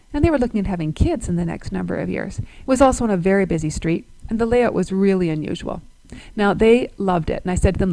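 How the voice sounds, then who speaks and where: A woman's voice: medium pitch, dark tone, poor audio. A woman presenting a webinar as a real estate agent. She is upbeat, explains through examples and asks her listeners questions.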